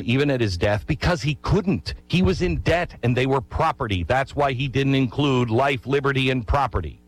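Lively, emphatic man telling history. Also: medium pitch, rough recording. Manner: emphatic, rhetorical questions to the listener. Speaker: history speaker. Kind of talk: storytelling history talk.

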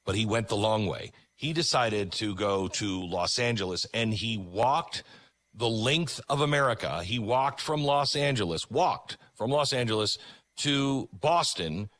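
Animated, bright-voiced male host. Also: lowish voice, a little slow. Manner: emphatic, conversational. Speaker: commentary host. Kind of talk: commentary on video clips.

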